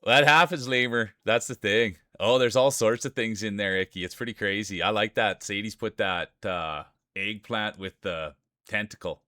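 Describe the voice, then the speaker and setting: A man's voice: fairly low pitch, moderate pace, sharp tone, no room sound, studio quality. A man with a Canadian accent streaming live, greeting his chat by name and joking through marble race commentary. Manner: chatty, greets viewers by name, jokey.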